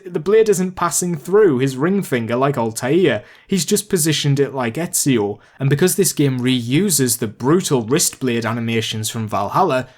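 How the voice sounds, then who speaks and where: A man narrating a video game review, chatty and excitable, turning rambling and self-deprecating as he thinks aloud. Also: medium pitch. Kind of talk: scripted review narration and off-the-cuff ranking.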